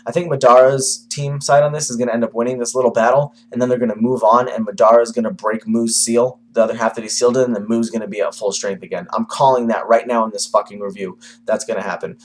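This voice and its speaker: A man's voice: mid-range voice, steady tone, quick pace, hardly any pauses, a little hiss or hum. A man giving a casual manga review to camera, rambling with lots of fillers and the odd swear.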